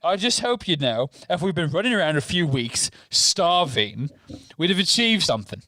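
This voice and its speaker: Brief: man voicing a resentful teen boy wizard, swooping lively delivery, sulky and bitter. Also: on the high side, normal speed. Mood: grumbling. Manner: bitter, complaining, dramatic. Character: sulking angry teenage boy wizard. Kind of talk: podcast read-through of a scene.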